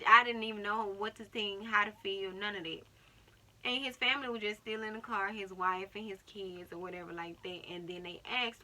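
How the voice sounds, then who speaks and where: Young woman, vlogger, storytime, bright tense voice, animated retelling. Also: medium pitch. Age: young adult. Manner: animated retelling, acting out other people's words. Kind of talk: storytime vlog.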